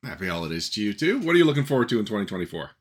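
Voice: mid-range voice, very animated, racing, husky. A podcast host keeping a casual chat going and asking guests questions.

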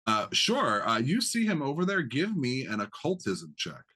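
A man's voice: mid-range voice, huge pitch swings, normal speed, bright, forceful tone, breathy edge. A man narrating a tabletop game as game master, with casual, filler-heavy narration.

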